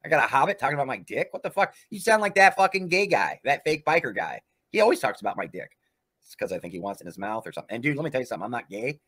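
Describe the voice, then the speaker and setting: A man's voice: mid-range voice, sing-song, very fast, pushed and bright, breathy edge. Profane, ranting man. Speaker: livestream host. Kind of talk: ranting livestream chat.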